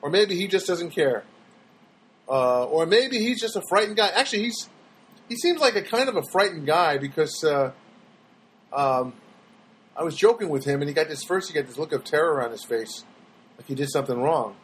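A man's voice: fairly high pitch, animated, moderate pace, long pauses, slight background noise, rough recording. A man hosting his own show from a studio apartment, rambling and joking in a loose monologue with many restarts. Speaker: podcast host. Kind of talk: casual solo monologue.

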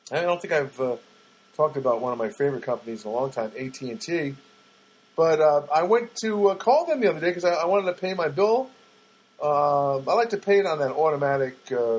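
Husky man rambling through a wry story. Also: mid-range voice, poor audio. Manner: chatty, wry, full of asides and fillers.

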